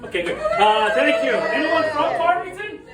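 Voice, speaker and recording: A man from New Mexico performs a chatty stand-up set, joking with and teasing the people at a party. He is recorded from a distance in an echoey room. A crowd is clearly heard around him. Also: very high voice, sing-song, moderate pace, heavy background noise. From New Mexico, USA. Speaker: stand-up comedian.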